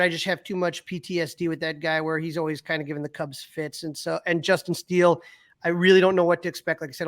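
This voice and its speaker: A middle-aged man with a fairly high voice talks casually on a sports podcast. He reels off numbers, stumbles over restarts and fills pauses with "um". The sound is dry and close, with no room around it. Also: fairly bright tone, no room sound. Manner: reels off stats with fillers and restarts. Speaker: podcast co-host.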